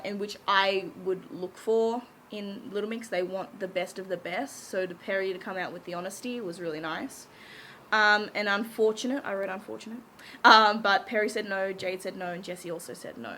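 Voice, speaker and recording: A woman's voice: mid-range voice, fairly bright tone. A young woman chatting casually, bubbly and giggly, gushing as she recaps a show. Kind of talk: casual chat.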